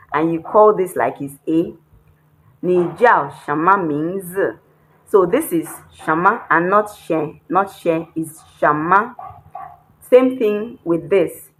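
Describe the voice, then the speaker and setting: Slow-talking woman teaching a language. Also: on the low side, poor audio. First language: not Chinese. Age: adult, not a child. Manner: repeats words and spells them out. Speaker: Chinese teacher. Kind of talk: slow, deliberate language lesson.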